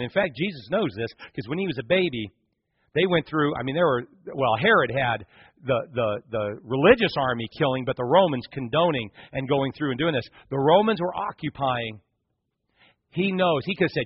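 Husky preacher with a muffled sound. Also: male voice, fairly high pitch, lively intonation, moderate pace, no room sound. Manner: storytelling, building to impassioned climaxes. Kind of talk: sermon. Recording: muffled lo-fi sermon recording.

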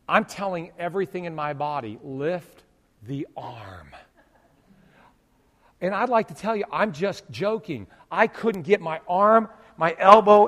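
A middle-aged male pastor telling a humorous story in a sermon, jumping from loud exclamations to quiet asides. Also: sits high, long reverb tail.

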